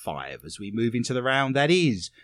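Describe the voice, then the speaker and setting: A man's voice: mid-range voice, very animated, moderate pace, no echo, clean studio sound. A man hosting a comedy quiz show, reading scores and teasing the panel. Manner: wry, teasing banter. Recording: loud audience laughter behind.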